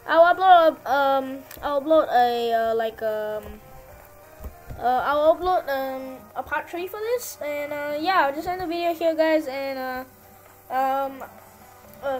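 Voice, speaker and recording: A woman sits high in her voice as she hosts a gaming channel, offering casual gameplay commentary. She rambles and repeats herself while lecturing her viewers.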